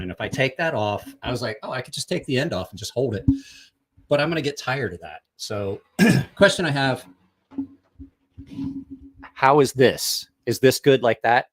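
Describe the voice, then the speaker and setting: Casting: a chatty vlog host with a husky voice and a lively, bouncing pitch. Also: male voice, fairly quick. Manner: chatty, laughing, restless. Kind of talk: casual chat, testing a new microphone.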